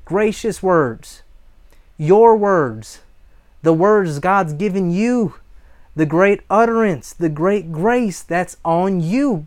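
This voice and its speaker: A man's voice: sits high, slow pace, a little mellow, no echo, studio quality. A man preaching a sermon, reading scripture aloud, exhorting his listeners and breaking into short prayers.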